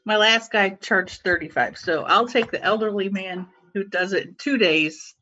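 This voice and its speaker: A woman in casual podcast chat, joking in a dry, deadpan way. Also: medium pitch, moderate pace, dull audio.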